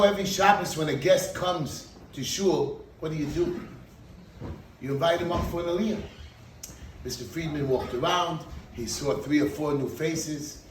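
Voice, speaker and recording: A man giving a speech at a party, telling a dramatic story with an animated delivery. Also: mid-range voice, a little hiss or hum. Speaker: speaker at a party. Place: event hall. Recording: echoey hall, mic from far off.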